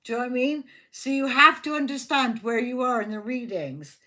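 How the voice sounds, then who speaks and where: A woman's voice: a little high, a little fast, bright, forceful tone. A woman hosting a live tarot stream, chatting casually and rambling, repeating herself and talking to her viewers. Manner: talks to viewers by name, affectionate.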